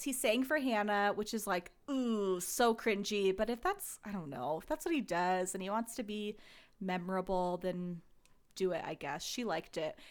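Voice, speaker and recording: A woman co-hosting a casual podcast, giggly and gossipy, with frequent swearing. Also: mid-range voice. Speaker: podcast co-host. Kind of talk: casual chat.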